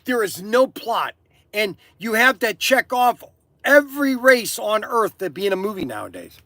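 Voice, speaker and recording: An older man with a high, bright and forceful voice rambles on in a casual monologue. He is chatty and opinionated, breaks into laughter and keeps restarting his sentences. The sound is close and dry, with no room echo. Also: sing-song, normal speed. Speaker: toy shop owner and channel host. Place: inside his store.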